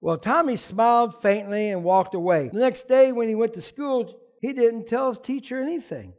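A man preaching a sermon as pastor, animated, often asking the congregation questions. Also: extremely high pitch, normal speed.

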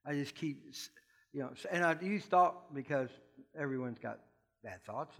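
A man's voice: medium pitch, expressive, normal speed, fairly bright tone. A male pastor preaching a conversational sermon, chuckling and acting out quoted voices.

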